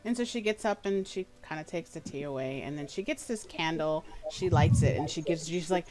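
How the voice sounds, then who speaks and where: A woman's voice: low voice, fairly quick, few pauses, mellow. Chatty woman game master. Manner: chatty, with lots of fillers. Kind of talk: narrating a tabletop game. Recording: noisy home recording.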